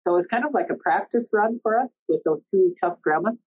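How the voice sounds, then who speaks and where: A middle-aged woman telling a personal story in an earnest, conversational way, often pausing mid-sentence. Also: mid-range voice, slightly rough. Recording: dull lo-fi recording.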